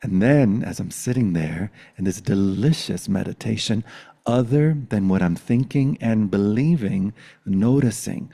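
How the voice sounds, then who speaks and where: A man's voice: on the low side, unhurried, creaky, mellow. A man in his forties telling a personal story in a reflective, meditative way on a video call, often laughing. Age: 40s.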